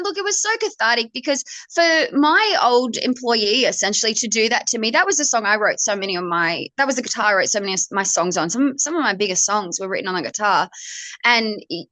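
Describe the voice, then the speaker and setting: A young Australian woman, a country-pop singer, chats in an animated way and acts out quoted lines as she tells her stories. Her voice is bright and sits fairly high. The sound is dry and close. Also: a little fast, no echo. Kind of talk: casual interview chat.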